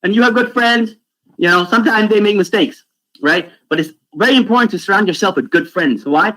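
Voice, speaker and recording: A lively man talks to children on a video call, pitched a little higher than most men. He tells stories animatedly and keeps checking in with "right?". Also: brisk, low-quality recording. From Pakistan. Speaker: youth speaker. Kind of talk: storytelling talk for children.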